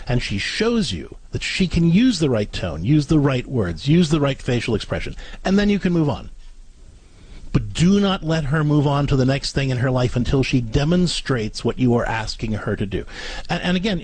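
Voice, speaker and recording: A man's voice: on the high side, husky, dry recording. A man co-hosting a parenting advice radio show, coaching callers step by step in an earnest way. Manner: earnest, coaching, acts out gentle parent scripts.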